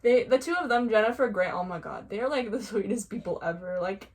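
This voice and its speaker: A young woman telling stories casually, excitable and gushing, with squeals when she gets excited. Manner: excitable, quick swings into high squeals; gushing, heavy use of "like". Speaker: vlogger. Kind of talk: casual storytelling.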